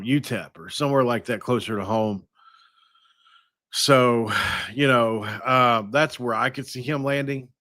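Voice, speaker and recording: A man hosting a sports podcast, talking casually and thinking out loud with frequent restarts. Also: mid-range voice, no echo, clean studio sound. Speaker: podcast host.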